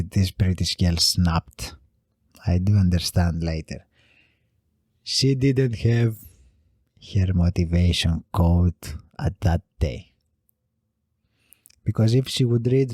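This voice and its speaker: A man's voice: deep voice, darkish tone, dry recording, clean studio sound. A man hosting a solo comedy podcast, rambling through a funny story and laughing as he tells it. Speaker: podcast host.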